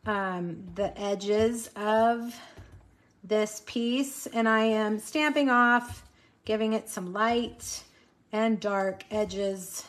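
A woman's voice: medium pitch, drawn-out words. Chatty woman leading a crafting stream. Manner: chatty, addresses viewers as you guys. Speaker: card-making host. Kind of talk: casual live crafting demo.

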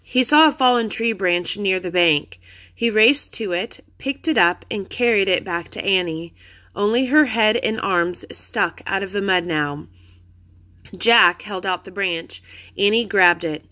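A woman reads a children's chapter book aloud, telling the story clearly and expressively. Her voice is bright and sharp, at an ordinary pitch. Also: unhurried. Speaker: reader.

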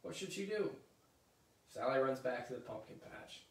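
A man's voice: mid-range voice, moderate pace. Man reading a storybook aloud. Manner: lively, chatty asides between reading. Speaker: story reader. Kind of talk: reading a children's book aloud. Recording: roomy echo, mic at a distance.

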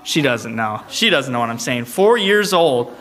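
A man hosting a church service as song leader, making announcements in a playful, teasing way with quick joking asides. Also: medium pitch, very animated, fairly bright tone. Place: church sanctuary, streamed online.

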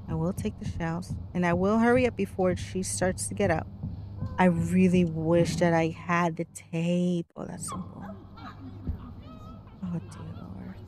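A female game streamer with a fairly low voice provides let's-play commentary during a live horror playthrough. She talks to herself, pleads in a panic, and drops to whispers. The background is noisy.

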